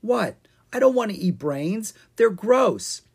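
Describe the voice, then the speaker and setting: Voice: mid-range voice, sing-song, slow pace, darkish tone, husky, pitched above the performer's own voice, full character voice. A reader voicing a jumpy, complaining young male dragon in a children's storybook, squealing when scared. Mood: whiny.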